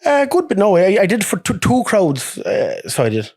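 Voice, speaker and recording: A young Irish man, a truck driver, telling lively stories in casual chat, swearing and acting out what others said. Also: sits high, moderate pace, gravelly. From Ireland. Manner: animated, swearing, acts out quoted voices with laughs.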